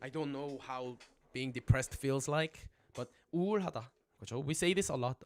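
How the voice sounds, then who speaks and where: A young man teaching a casual livestream language lesson, chatty and animated, always checking in with his viewers. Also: medium pitch, quick pace.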